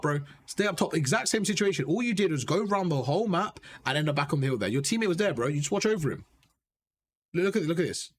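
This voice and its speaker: A man coaching a player through gameplay footage, direct and animated, repeating his points and calling him bro. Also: sits high, slightly rough. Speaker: gaming coach.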